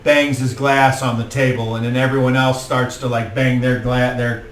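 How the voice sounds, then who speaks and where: A man narrating a tabletop game as game master, unhurried and halting, with many fillers. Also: mid-range voice, little pitch movement, a little hiss or hum. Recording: roomy, distant mic, faint music.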